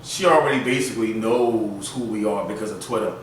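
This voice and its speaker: A man hosting a casual storytelling vlog, chatting in an animated and loose way full of fillers. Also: fairly low pitch, a little fast, slight background noise. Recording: very echoey room, mic at a distance.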